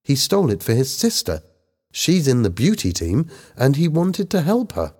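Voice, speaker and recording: An organised teenage schoolgirl talks earnestly and patiently in a storybook reading, as a male narrator puts her on. The voice sits well above his own and has a husky edge. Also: mid-range voice, wildly swooping pitch, normal speed, a little mellow, pitched above the performer's own voice.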